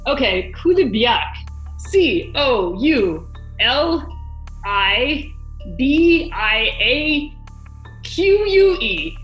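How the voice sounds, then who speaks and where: A woman columnist competing in a spelling bee over a video call, who jokes and argues her case quickly. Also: sits high, sing-song, echoey room, soft background music, low-quality recording. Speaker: columnist contestant.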